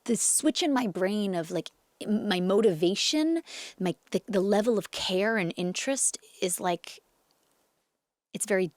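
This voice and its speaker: A woman in her thirties, an actress being interviewed, chatting in an animated way with lots of filler words. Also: mid-range voice, measured pace, dry recording. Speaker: actress guest. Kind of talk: casual interview chat.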